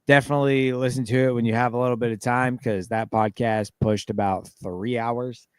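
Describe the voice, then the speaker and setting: A man's voice: mid-range voice, fairly even intonation, a little fast, clear, resonant tone, no echo, clean studio sound. A man hosting a casual podcast, reading out listener messages in a laid-back, rambling way. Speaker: podcast host.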